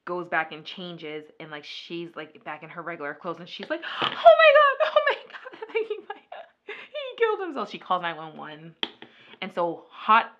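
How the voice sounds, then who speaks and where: A woman vlogger chatting casually through a makeup video, retelling a story in an animated way with lots of filler words. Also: low-pitched, highs cut off. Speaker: beauty vlogger. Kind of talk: casual makeup vlog chat.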